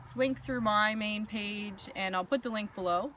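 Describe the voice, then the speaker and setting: A woman hosts a casual conversation, telling stories in an animated way and acting out the lines of the people in them. Her pitch sits in the middle range for a woman, and a faint noise runs under the recording. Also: normal speed. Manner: animated storytelling with acted-out quotes. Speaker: host. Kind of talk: casual chat.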